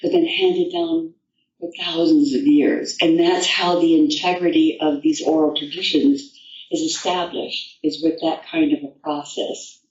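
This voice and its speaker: A woman's voice: sits low, expressive, a little slow, a little mellow. Woman storyteller, distant and echoey. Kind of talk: told folktale and personal anecdote. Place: festival venue. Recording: dull distant echoey room recording.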